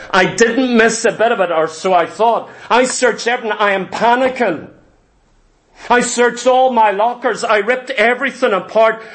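A man's voice: high-pitched, fairly bright tone. A middle-aged man preaching a sermon in church, telling stories with emphatic repetition. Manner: storytelling, emphatic, repeats phrases.

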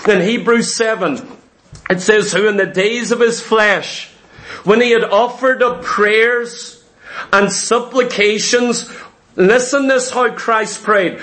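A man's voice: high-pitched, slow, a bit bright. A man preaching a sermon with passion, repeating phrases and acting out the voices of doubters and of Christ.

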